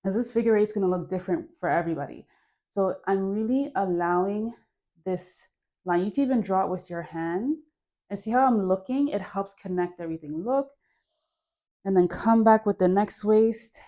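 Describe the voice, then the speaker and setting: A woman's voice: medium pitch, normal speed, dark tone. A young woman leading a home dance workout, talking the viewer through moves in a chatty, encouraging way, with sighs of effort between cues. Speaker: dance instructor. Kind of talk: guided dance class.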